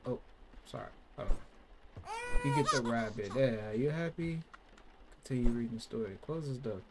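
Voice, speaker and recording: A man doing casual gaming commentary, reacting loudly and swearing, with sudden outbursts between quieter remarks. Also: mid-range voice, normal speed, background noise. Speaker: gaming channel host. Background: loud game music.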